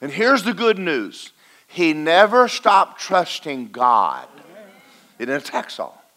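A man preaching a folksy sermon to a congregation, swinging between loud and quiet. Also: on the high side, wildly swooping pitch, slow. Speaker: pastor. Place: church in front of a congregation.

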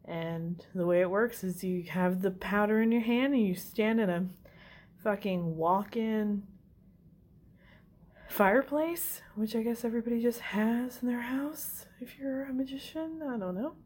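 Woman, unhurried delivery, casual chat, swears a lot, giggly asides. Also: fairly high pitch, darkish tone. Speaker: movie recap host. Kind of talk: casual movie recap chat.

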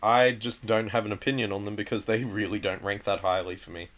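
A man's voice: on the low side, steady tone, brisk, fairly bright tone. A man co-hosting a podcast, laid-back and mostly answering briefly. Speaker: podcast co-host. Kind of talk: casual podcast chat.

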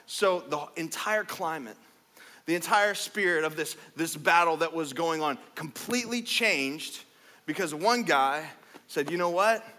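A man preaching a sermon as pastor, energetic and conversational, with casual fillers. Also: on the high side, measured pace, long reverb tail.

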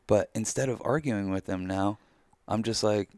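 A man's voice: lowish voice, normal speed, darkish tone, dry recording. A man co-hosting a podcast, talking in a reflective, candid way and swearing casually. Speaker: podcast co-host. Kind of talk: casual chat.

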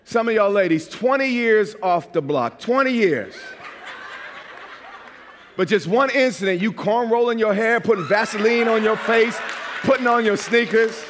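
A man with a New York accent preaching a sermon, emphatic, moving from quiet asides to shouted points. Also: high-pitched, animated, moderate pace, a little hiss or hum. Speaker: pastor.

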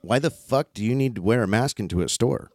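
A man's voice: mid-range voice, animated, a little fast, darkish tone, dry recording, studio quality. A man hosting a casual chat, blunt and profane, giving his opinions. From US West Coast. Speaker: podcast host.

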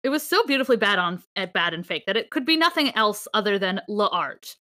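Podcast co-host, woman, bright voice, dry close sound, rambling and eager. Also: medium pitch, lively intonation, brisk, no echo. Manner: enthusiastic, rambling, laughs often. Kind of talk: casual chat.

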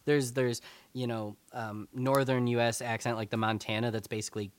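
A man's voice: mid-range voice, level tone, normal speed, no echo. Rambling Pacific Northwest American man. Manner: rambling, many fillers and restarts. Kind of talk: casual chat.

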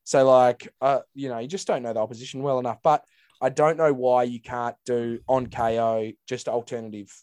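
A man's voice: mid-range voice, fairly even intonation, normal speed, a little mellow, clear, resonant tone, no echo. Australian man, young, casual podcast chat, laid-back and sweary, dry close sound. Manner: laid-back, swears a lot, calls everyone mate. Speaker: podcast co-host.

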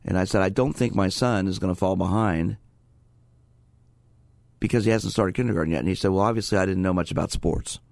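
A man hosting a radio call-in show as a sports psychologist, talking in a steady, conversational way and inviting callers from a studio. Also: low voice, fairly quick, gravelly, no echo.

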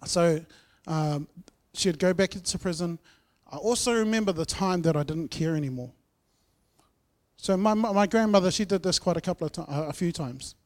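A man's voice: high-pitched, moderate pace. Earnest New man giving testimony. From New Zealand. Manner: earnest, heartfelt storytelling with loud and soft swings. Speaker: guest speaker sharing testimony. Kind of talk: church testimony.

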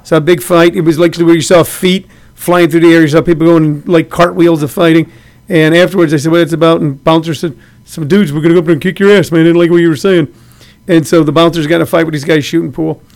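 A man in his sixties with a notably high voice for a man, talking casually in an interview. He tells rambling stage anecdotes like a seasoned stand-up comedian. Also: flat delivery, fast, darkish tone. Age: 60s. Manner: rambling anecdotes told in a storyteller's way.

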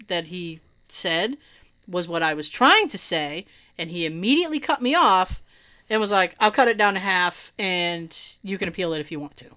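Here a woman's smooth, mid-range voice carries a casual story, full of laughter and lively impressions of what people said. She has hearing loss in her right ear.

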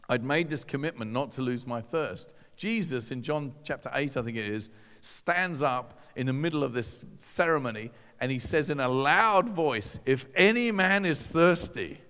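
A man's voice: mid-range voice, fairly bright tone. A man giving a personal testimony to an audience in a conversational, self-deprecating storytelling manner with dry asides. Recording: long reverb from a large hall.

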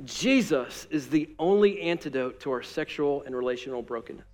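A male pastor preaching a sermon to his church, lively and animated, often acting out the voices of the people he quotes. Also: medium pitch, normal speed. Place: church room with live audience.

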